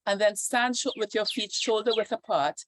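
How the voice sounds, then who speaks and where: A woman from the Caribbean leading a guided yoga and meditation class outdoors on a deck, talking slowly and calmly and repeating affirmations. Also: medium pitch, no echo. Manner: slow, calm guiding with repeated affirmations.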